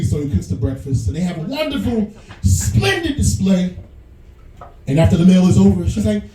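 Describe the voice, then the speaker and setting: A man with a New York accent doing a stand-up set, loose and crude, often jumping into high put-on voices. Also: sing-song, moderate pace, mellow, roomy sound, distant mic, poor audio. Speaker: stand-up comedian headlining a bar. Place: small bar comedy stage.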